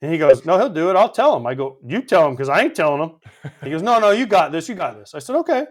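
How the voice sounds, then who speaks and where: A man telling animated, profane stories in a casual podcast chat, acting out the quotes. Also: a little high, fast. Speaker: podcast co-host and former teammate.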